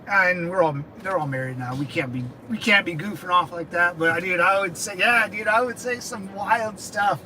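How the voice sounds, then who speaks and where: A man's voice: sits high, normal speed, hardly any pauses, pushed and bright, slight background noise, rough recording. A man in his thirties telling loose stories to his viewers, laughing often and saying "dude" and "man" a lot. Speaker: veteran channel host. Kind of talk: casual storytelling chat.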